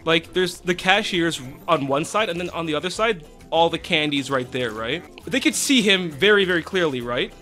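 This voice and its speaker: A man streaming, telling an animated casual story with lots of "right?" and "like". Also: a little high, normal speed, hardly any pauses, soft background music.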